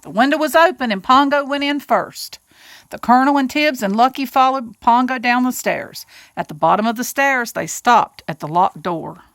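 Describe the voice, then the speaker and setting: A woman reads a children's storybook aloud in a lively, sing-song way, her pitch leaping high for the characters. Her voice sits a bit high, and the recording is dry and close. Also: normal speed, no echo. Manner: animated, doing character voices and adding asides to listeners. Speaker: storybook reader. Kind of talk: reading a children's picture book aloud.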